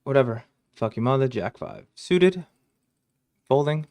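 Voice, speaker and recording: A man's voice: medium pitch, measured pace, clear, resonant tone, no room sound. A man casually reviewing his poker hands, joking crudely and swearing as he goes. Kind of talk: casual hand review commentary.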